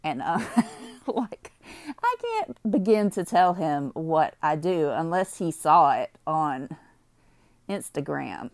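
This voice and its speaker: A young woman with a drawl rambles through a loose, confessional chat while high. She laughs often and swears freely. Her voice sits a little low, and the recording is dry and close. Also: sing-song, slow, no room sound. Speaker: vlogger.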